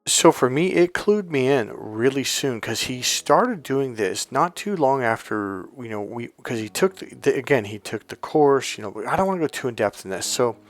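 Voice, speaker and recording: A man's voice: medium pitch, animated, normal speed, few pauses. A male dating and relationship coach telling stories in a casual, rambling monologue full of restarts and asides.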